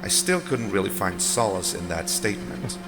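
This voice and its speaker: Male narrator for a roleplay story, low and wry, recorded with a long hall reverb. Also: animated, moderate pace, over loud music. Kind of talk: scripted narration.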